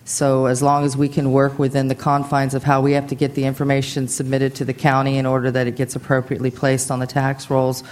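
A hoarse general manager presents a budget report at a public board meeting while feeling unwell. The delivery is chatty and informal, full of fillers and friendly asides, on a flat, even pitch that stays in a mid register. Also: a little fast, few pauses, a little hiss or hum.

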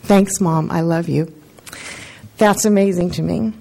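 A woman's voice: on the low side, steady tone, a little slow, creaky, mellow. A middle-aged woman, the outgoing mayor, giving an earnest, heartfelt farewell speech in a council chamber. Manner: heartfelt, earnest, close to tears.

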